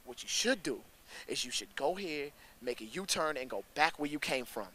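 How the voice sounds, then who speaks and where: A man voicing a curt stranger met in the dark, speaking flatly. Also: fairly high pitch, moderate pace, no room sound.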